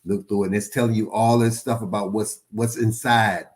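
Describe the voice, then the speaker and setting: A man's voice: lowish voice, moderate pace. A man, a guest pastor, talking casually about marriage, often restarting words and acting out little quotes. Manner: animated, repeats words, acts out quotes.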